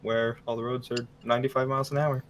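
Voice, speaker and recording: A man's voice: medium pitch, little pitch movement, fast, slight background noise. Young man giving dry, witty answers. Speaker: podcast co-host. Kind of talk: casual chat, quick-fire answers.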